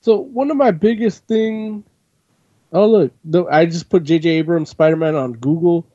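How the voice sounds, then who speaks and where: A man's voice: on the high side, normal speed, dark tone, no room sound. A man hosting a casual chat, rambling and swearing freely, with "like" in nearly every phrase. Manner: rambling, profane, full of "like". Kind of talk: casual chat, recapping a comic. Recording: dull lo-fi audio.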